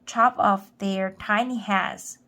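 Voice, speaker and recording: Woman putting on a loud raspy ant queen. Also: mid-range voice, steady tone, slow pace. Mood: commanding. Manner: imperious, shouting, childish demands. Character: bossy greedy giant female ant queen.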